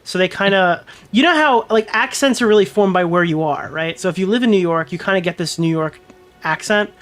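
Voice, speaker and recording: A man casually commentating on his livestream, rambling excitably with lots of swearing. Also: sits high, fairly quick.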